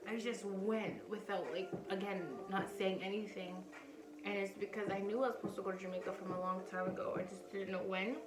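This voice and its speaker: A woman's voice: mid-range voice, flat delivery, fairly quick. Chatty young woman in an echoey room. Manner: candid, chatty, acts out other people's lines. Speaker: vlogger. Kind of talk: casual storytelling to camera. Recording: roomy, distant from mic, background noise.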